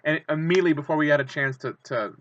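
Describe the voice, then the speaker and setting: A man's voice: on the high side, racing, a bit bright, lo-fi sound. A man hosting his own channel, rambling with enthusiasm in fan commentary full of fillers and restarts. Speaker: channel host.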